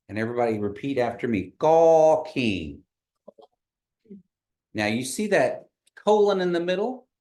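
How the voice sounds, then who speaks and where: Patient male language teacher on a video call, low voice with lots of pitch movement. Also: a little mellow. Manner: patient, repeats words slowly for learners. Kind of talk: online language lesson.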